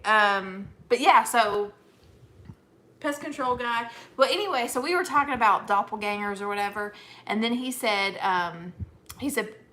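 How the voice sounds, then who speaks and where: Animated, bright-voiced woman co-host. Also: medium pitch. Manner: animated, laughing storyteller. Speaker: homestead channel co-host. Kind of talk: casual chat.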